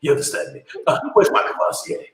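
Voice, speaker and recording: A man's voice: quick pace, reverberant, poor audio. A man, a comedian guest, telling stories in a casual interview, blunt and profane. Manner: blunt, profane, animated storyteller.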